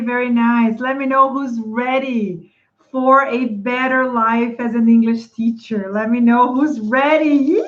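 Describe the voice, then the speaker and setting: A woman's voice: a little high, fairly bright tone, lo-fi sound. A woman hosting a live stream for English teachers, upbeat and greeting viewers by name. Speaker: livestream host coaching English teachers.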